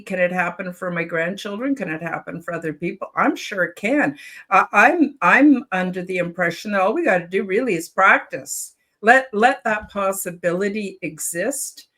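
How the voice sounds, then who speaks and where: A woman in her seventies hosting a panel over a video call, talking in a rambling, halting way with lots of fillers and restarts. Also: medium pitch, lively intonation, fairly bright tone. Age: 70s. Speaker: show host. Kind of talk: casual panel chat.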